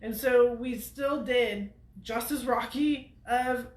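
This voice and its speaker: A woman's voice: fairly high pitch, slow, a little mellow. Woman host rambling through a weekend story, laughs a lot, roomy echoey sound. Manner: chatty, laughs often while telling stories. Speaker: host of a weekly off-road show. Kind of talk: casual storytelling to viewers.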